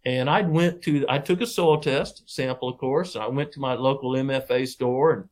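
A middle-aged man, a podcast guest, telling stories about his farming past in a folksy, animated way. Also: medium pitch, normal speed. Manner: folksy, animated storyteller who acts out quoted people. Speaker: podcast guest, wildlife researcher. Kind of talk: casual storytelling interview.

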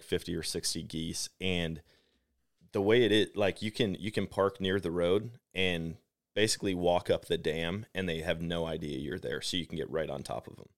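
A man hosting a podcast and telling a story in a casual, animated way, full of "like" fillers. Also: deep voice. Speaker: podcast host.

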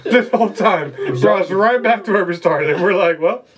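A man's voice: high-pitched, normal speed, a little hiss or hum. Rambling, profane man telling a story. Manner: rambling, profane, laughing often. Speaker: podcast co-host. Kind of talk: casual storytelling.

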